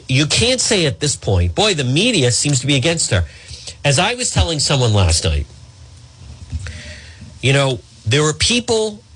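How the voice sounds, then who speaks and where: A man's voice: a bit bright, husky. A man hosting a talk radio show, delivering an opinionated monologue in a sarcastic, mocking way. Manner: sarcastic, mocks voices in a high put-on tone.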